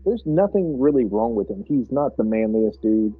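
A man on a movie podcast with a husky voice, tossing out sarcastic, profane asides. His mic sounds a bit dull and muffled, and the room is dry. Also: medium pitch, lively intonation, moderate pace, no room sound. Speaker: podcast co-host. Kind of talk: casual movie-review chat.

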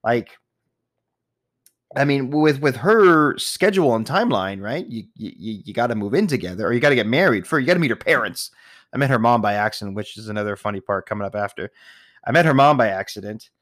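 A man's voice: mid-range voice, lively intonation, brisk, a bit bright, no room sound, clean studio sound. A man casually telling personal dating stories, rambling with frequent restarts and the odd swear word. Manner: rambling, with repeated restarts and laughs. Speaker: storyteller. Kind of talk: casual storytelling monologue.

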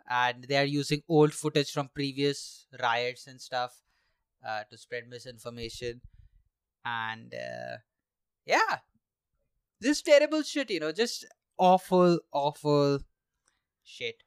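A man's voice: medium pitch, animated, slow pace, long pauses, smooth, dry recording, studio quality. A young man from India hosting a solo podcast at home, rambling sarcastically with swearing and laughs while drinking. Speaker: podcast host. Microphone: handheld mic.

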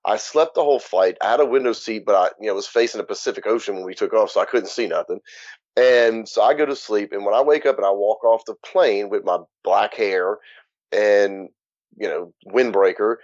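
A man's voice: on the low side, darkish tone. Plain-spoken man from Louisiana. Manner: plain-spoken, matter-of-fact storytelling with restarts. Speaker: guest. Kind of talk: candid personal account. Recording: dull, muffled dry recording.

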